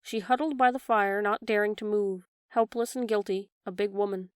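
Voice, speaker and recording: A woman reading a classic children's story aloud in a measured, gentle way. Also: medium pitch, steady tone, clear, resonant tone, no room sound, clean studio sound. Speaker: audiobook narrator. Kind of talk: scripted narration.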